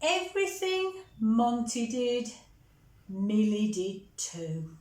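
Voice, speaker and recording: A woman reading a picture book aloud to children, gently chatting with them between pages. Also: on the high side, big pitch swings, takes it slowly. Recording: roomy echo.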